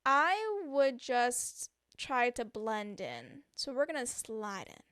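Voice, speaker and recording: A woman's voice: a little high, lively intonation, slow pace, few pauses, a bit bright, dry recording, studio quality. A woman giving playful, giggly let's play commentary while playing a story game. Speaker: game streamer. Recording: game music behind.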